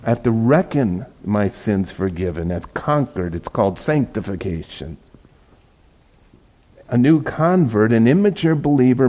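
Mellow-voiced man preaching casually. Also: medium pitch. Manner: conversational, laughs often, repeats words. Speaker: pastor. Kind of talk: casual sermon.

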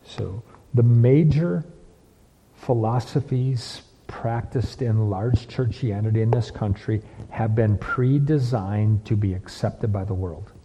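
A man's voice: lowish voice, takes it slowly, dark tone, a little hiss or hum. A man preaching a sermon, full of repeated phrases and rhetorical questions. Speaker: pastor. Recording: dull lo-fi with long hall reverb.

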